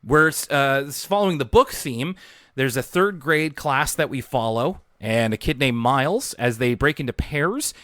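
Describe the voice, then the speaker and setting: Lively-voiced man recapping on a podcast. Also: mid-range voice, measured pace, dry recording, clean studio sound. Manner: chatty episode recap, laughs often. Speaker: podcast co-host. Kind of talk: casual podcast chat.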